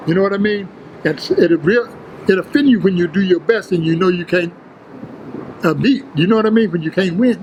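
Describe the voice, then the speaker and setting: An older man, an interview guest, telling prison and gym stories in a streetwise, profane, animated way, acting out the others' lines. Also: high-pitched, a little hiss or hum, low-quality recording. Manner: streetwise, profane, animated retelling with quoted voices. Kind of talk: casual storytelling.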